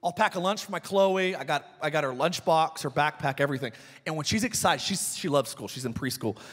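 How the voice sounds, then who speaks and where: A man in his thirties preaching a sermon as pastor, telling animated stories with shouted peaks. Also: a little high, brisk, husky. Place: church sanctuary. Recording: church hall reverb.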